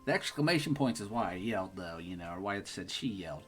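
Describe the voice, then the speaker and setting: A man's voice: low-pitched, animated, fast talker, a bit bright, soft background music. A young man casually commenting on his playthrough of a game, joking around and laughing often. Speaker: gaming streamer. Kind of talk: casual let's-play commentary.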